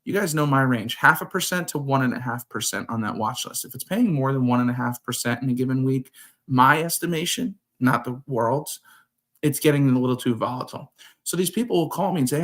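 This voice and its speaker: A man's voice: medium pitch, a little fast. A man hosting a trading talk show, explaining casually and acting out his talks with clients. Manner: animated, acts out quoted conversations. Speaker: show host.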